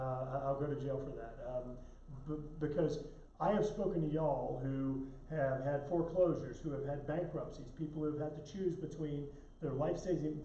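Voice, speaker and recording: A man answers viewer questions on a live stream, blunt and emphatic, tripping over his restarts as he pushes his point. His voice sits a little high for a man but sounds mellow and dark. The sound is roomy and slightly dull. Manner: blunt, emphatic, self-correcting.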